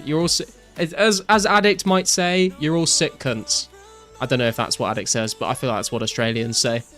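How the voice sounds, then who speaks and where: A young British man streaming a game, chatting loosely, gushing thanks to his viewers and dropping swear words constantly. His voice sits a bit high for a man, with faint music playing under him. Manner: excitable, swears a lot, thanks donors profusely. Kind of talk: casual live-stream chat.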